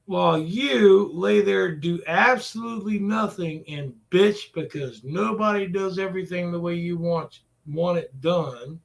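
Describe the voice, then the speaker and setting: A man vents to the camera in a slow, drawn-out rant. His voice sits high with a gravelly fry, and he curses freely. He sounds worn out and exasperated as he repeats every complaint. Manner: exasperated, repetitive, cursing. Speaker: vlogger. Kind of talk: profane venting rant to camera.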